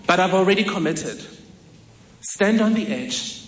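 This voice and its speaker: On stage in a large hall, a man tells a vivid, self-mocking story about himself. His voice is high and expressive, moving at a moderate pace, and the echoey hall carries faint noise.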